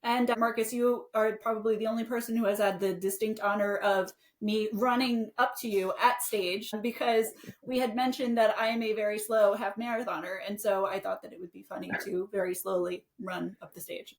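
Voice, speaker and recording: A woman's voice: mid-range voice, steady tone, fairly quick, few pauses, slight background noise. A woman hosting an interview, friendly and affirming, asking conversational questions. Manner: friendly, affirming, with many backchannels. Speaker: interview host.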